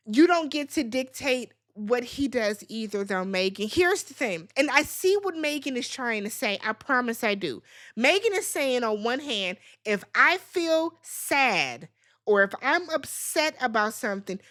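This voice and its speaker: A woman's voice: a little high, fairly bright tone. A woman hosting a reality TV recap, talking in a blunt, sassy and profane way. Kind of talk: casual recap commentary.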